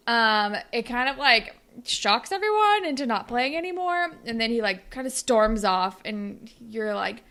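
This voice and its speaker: A woman's voice: a little high, lively intonation, normal speed, few pauses, a bit bright. A young woman co-hosting a podcast, chatting casually and rambling through an improvised story with lots of fillers. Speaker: podcast co-host. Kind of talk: casual chat.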